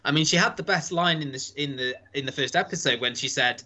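A man's voice: a little high, a little fast, bright, forceful tone. A man hosting a podcast, chatting casually and rambling through reviews with frequent self-corrections. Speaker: podcast host.

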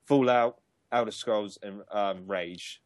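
A man co-hosting a casual gaming podcast, chatty and loose, with lots of ums and quick laughs. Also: fairly low pitch, no echo. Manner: chatty, many ums and restarts, laughs easily. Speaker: podcast co-host.

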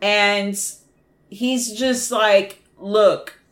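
Animated, profane woman retelling a movie. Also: on the high side, normal speed. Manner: animated, profane, laughing storyteller. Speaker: podcast co-host. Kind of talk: casual movie recap.

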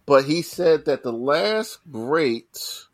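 A man's voice: on the high side, slow pace, no room sound. A man in his forties hosting a casual group chat, rambling loosely and correcting himself as he goes. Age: 40s. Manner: relaxed, rambling, self-correcting. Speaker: podcast host.

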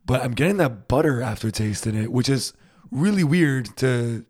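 A man's voice: mid-range voice, expressive, normal speed, darkish tone. Casual rambling male podcast co-host. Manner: rambling, laughs often. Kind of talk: casual chat.

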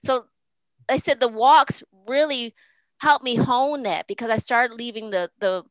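A woman's voice: on the high side, unhurried, a bit bright, no room sound, rough recording. A woman speaking as a podcast guest in a casual, rambling, earnest way, often restarting and repeating words. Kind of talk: casual interview talk.

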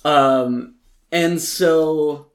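A man co-hosting a casual podcast, giving animated, opinionated reviews with frequent ums and restarts. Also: on the high side, very slow. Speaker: podcast co-host reviewing films and TV. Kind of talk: casual chat.

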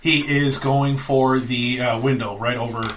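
A man's voice: fairly even intonation, a little slow, a bit bright, a little hiss or hum. A man narrating as dungeon master of a tabletop game, playful and casual. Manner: playful, puts on squeaky goblin voices.

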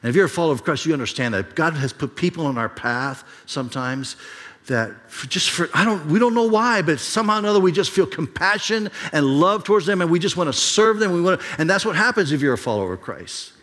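A man's voice: a little high, expressive, quick pace, a bit bright. A male pastor telling a story in a sermon, conversational and full of restarts. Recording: long reverb of a large hall.

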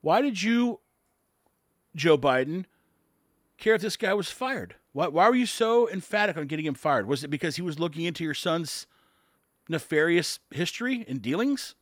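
Man doing a male politician demanding answers, incredulous, pressing, higher pitch. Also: sing-song, moderate pace, dry recording, studio quality.

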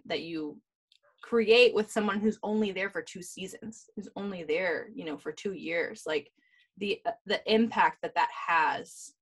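A woman in her thirties chatting casually, telling animated stories and laughing often. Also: lowish voice, husky. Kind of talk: casual chat.

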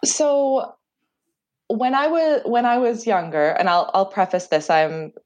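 A woman in her thirties with a Canadian accent, chatty and self-deprecating, telling her story as a podcast guest with halting restarts. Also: a little high, fairly even intonation, a little mellow, highs cut off. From Jersey, Channel Islands. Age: 30s. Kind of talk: remote interview, personal story.

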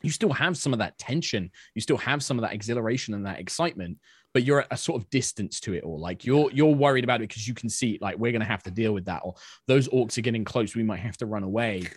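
A man's voice: lowish voice, animated, fast talker, slightly rough, no room sound. A man on a podcast as a guest, animatedly telling stories and acting out quotes in casual chat.

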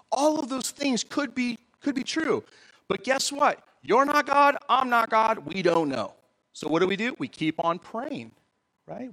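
A man, a pastor, preaching a sermon in an animated, joking way and often asking the audience questions. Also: high voice, poor audio.

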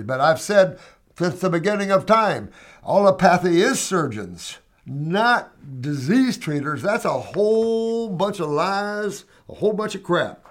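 A man with a somewhat high-pitched voice answers viewer questions in a loose, casual monologue. He is blunt and emphatic, with a folksy, talk-to-you-directly manner.

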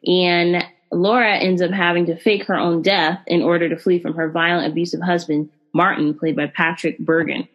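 The audio is dull, and her fairly low voice stays level, moving at a normal speed with hardly any pauses. She's a podcast host reviewing films in a lively, casual chat, full of filler words and remarks addressed straight to listeners.

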